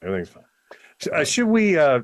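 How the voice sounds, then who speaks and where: A man's voice: on the high side, wildly swooping pitch, fast talker, no room sound, clean studio sound. A man co-hosting a podcast in casual chat, talking about himself in a self-deprecating way with frequent restarts, over a home microphone. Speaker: podcast co-host. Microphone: home podcast mic, remote.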